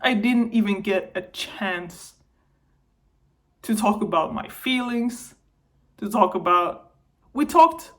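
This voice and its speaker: A woman's voice: mid-range voice, expressive, slow, long pauses. A young woman in a personal vlog, talking to camera while upset and venting, her voice wavering between anger and tears. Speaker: vlogger.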